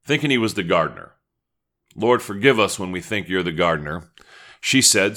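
Man, pastor, sermon, deep voice, bright tone, conversational teaching. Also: normal speed. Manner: conversational teaching with prayerful asides.

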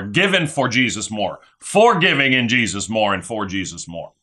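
A pastor preaches fervently, repeating phrases and often capping his points with "right?" and "okay?". His voice is medium in pitch, bright and forceful.

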